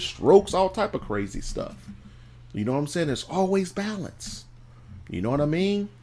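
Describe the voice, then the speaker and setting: A man's voice: medium pitch, a little mellow. A man giving a motivational talk to camera, emphatic and repetitive, with a preacher-like cadence. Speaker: motivational video host.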